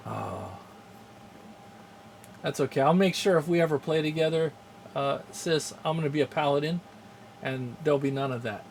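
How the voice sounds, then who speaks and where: A man's voice: a little high, big pitch swings, normal speed, gravelly, long pauses, slight background noise. Chatty, rambling male game streamer. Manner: rambling, chuckles often, greets chat viewers. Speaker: streamer hosting a game channel. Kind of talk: casual live-stream chat.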